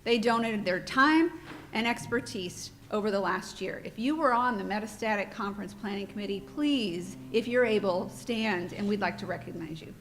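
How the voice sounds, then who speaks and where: A woman's voice: medium pitch, normal speed, noisy background. A woman giving welcome remarks at a conference, heartfelt and a little off-script, speaking into a microphone in a hotel meeting room. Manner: warm, heartfelt, a bit off-script and emotional.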